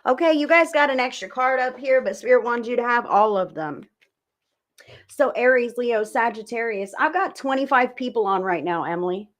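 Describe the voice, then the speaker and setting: A woman's voice: on the high side, normal speed. Chatty woman giving a live tarot reading. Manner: chatty, swearing, talks to viewers by name. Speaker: tarot reader hosting a live stream. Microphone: desk mic, turns away from it at times.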